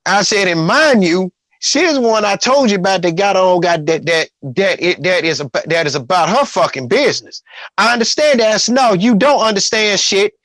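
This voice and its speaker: A man's voice: sits high, lively intonation, moderate pace, fairly bright tone, dry recording. A man telling a personal story in casual talk, rambling, restarting, and quoting what others said. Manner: rambling, repeats himself, quotes others.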